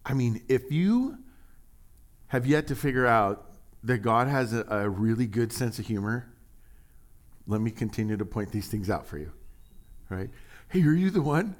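Animated joking male pastor. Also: fairly low pitch, measured pace, long pauses. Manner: animated, joking, swings from hushed to loud emphasis. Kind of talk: conversational sermon.

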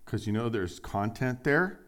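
A man preaching a sermon as pastor, animated and jokey, acting out little dialogues in put-on voices. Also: medium pitch, measured pace.

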